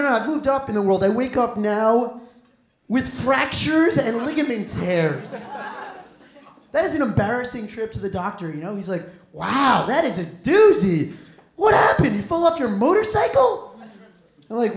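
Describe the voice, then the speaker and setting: Self-deprecating young man doing stand-up. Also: high voice. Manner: self-deprecating, rambling, profane. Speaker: stand-up comedian. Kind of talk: stand-up set. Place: comedy club stage. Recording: echoey comedy club room.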